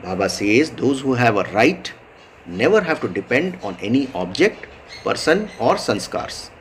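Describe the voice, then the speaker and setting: Measured Indian-accented man reading a devotional lesson. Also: mid-range voice, sing-song, a little hiss or hum, low-quality recording. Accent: Indian English. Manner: slow, measured, repeats key points for emphasis. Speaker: spiritual teacher reading a daily lesson.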